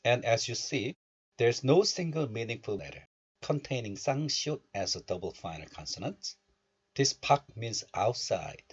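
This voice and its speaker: A man teaching Korean pronunciation in a recorded lesson. He explains step by step and repeats syllables slowly for learners. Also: medium pitch, slightly rough, lo-fi sound.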